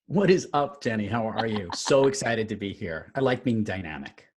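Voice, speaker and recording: A man's voice: fairly low pitch, expressive, normal speed. Upbeat man interview guest. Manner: upbeat, enthusiastic. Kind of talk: interview conversation.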